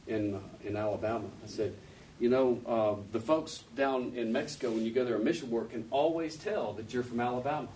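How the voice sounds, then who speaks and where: A man's voice: mid-range voice, a little mellow. Male preacher, chatty sermon, rhetorical questions, faint noise behind him. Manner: conversational, asks rhetorical questions. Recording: distant mic with faint background noise.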